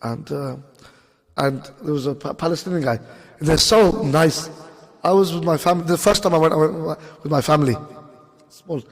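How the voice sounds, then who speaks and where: A man's voice: fairly high pitch, normal speed, long pauses. A man giving a conversational, story-driven sermon in a mosque, mixing in Urdu and Arabic phrases. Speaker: speaker giving a talk at a mosque. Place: mosque hall. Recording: echoey mosque hall.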